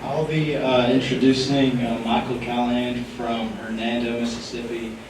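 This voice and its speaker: A man's voice: mid-range voice, flat delivery, normal speed. A young man speaking hesitantly, with several fillers. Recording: echoey hall, distant mic, loud noise.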